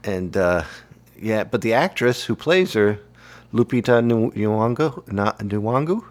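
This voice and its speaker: Lively low-voiced man in casual chat. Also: slow pace. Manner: animated, jokey, laughs often. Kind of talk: casual movie discussion.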